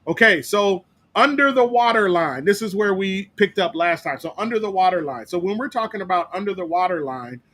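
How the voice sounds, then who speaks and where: High-voiced pastor teaching Bible study. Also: male voice, lively intonation, fairly quick, few pauses, a bit bright. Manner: emphatic, repetitive, with rhetorical "right?". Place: church.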